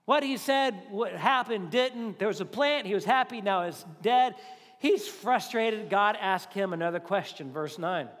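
High-voiced pastor preaching in a big hall. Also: male voice, a little slow. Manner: conversational, animated preaching with acted-out quotes. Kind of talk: sermon. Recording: reverberant hall.

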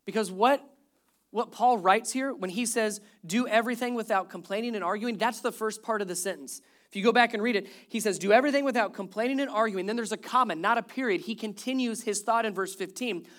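A man's voice: high voice, a little fast, fairly bright tone. A man in his thirties preaching a sermon as pastor, speaking conversationally, with wry humor and repeated emphasis on key words.

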